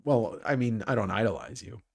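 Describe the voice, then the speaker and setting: A man's voice: on the low side, lively intonation, brisk, creaky. A man hosting a casual livestream chat about comics who rambles, jokes and swears freely. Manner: rambling, joking, profane. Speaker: host.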